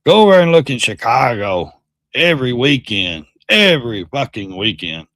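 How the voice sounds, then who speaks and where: A man's voice: medium pitch, big pitch swings, normal speed, fairly bright tone, dry recording, clean studio sound. A man hosting a livestream, giving heated political commentary in a blunt, profane rant. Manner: mocks by quoting others in put-on voices. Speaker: livestream host.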